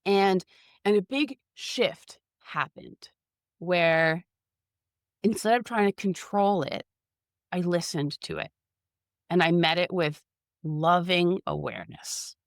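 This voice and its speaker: A woman's voice: on the low side, slow pace, vocal fry, pauses often, no room sound, clean studio sound. A woman co-hosting a casual podcast, talking earnestly and reflectively with frequent restarts. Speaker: podcast co-host.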